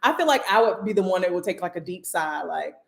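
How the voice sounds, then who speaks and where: A woman hosts and moderates a casual livestream discussion, chatting loosely with plenty of "like" fillers. Her lowish voice is quick and lively, and the room sounds echoey.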